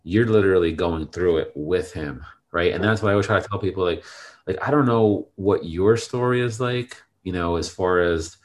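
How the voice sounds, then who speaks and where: A man's voice: low voice, moderate pace. A man talking casually and earnestly about faith, with many fillers and restarts.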